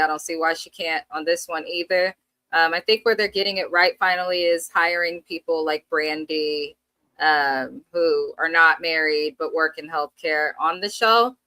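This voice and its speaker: Brief: outspoken woman co-host, bright voice, close and dry. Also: on the low side, no room sound, low-quality recording. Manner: blunt, opinionated, swears freely. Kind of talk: casual TV recap chat.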